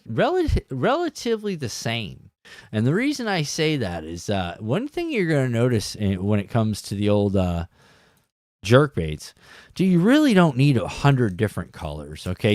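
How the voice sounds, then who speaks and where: A man's voice: mid-range voice, dry recording, clean studio sound. A man hosting a live fishing show from his desk, talking casually through lures and restarting his sentences. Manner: chatty, explains with stops and restarts. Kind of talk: casual live-stream tackle talk. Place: home desk.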